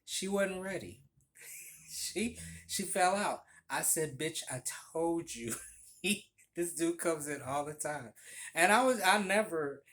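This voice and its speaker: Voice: mid-range voice, animated, takes it slowly, a bit bright. A former barista telling a story in a chatty, gossipy way, laughing often and swearing casually.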